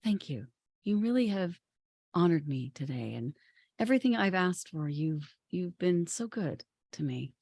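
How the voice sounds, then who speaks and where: A woman's voice: fairly low pitch, lively intonation, a little slow, vocal fry, darkish tone, slightly rough, no room sound, heavily acted. A woman voicing a hideous old hag who drawls and bosses people around, told as part of a spoken story. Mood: tender. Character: hideous old female hag, bossy and demanding.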